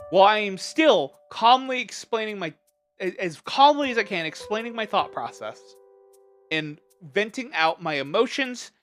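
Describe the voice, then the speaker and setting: Streamer, livestream venting, impassioned, exasperated, animated pitch, faint music behind. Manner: impassioned, upset but measured.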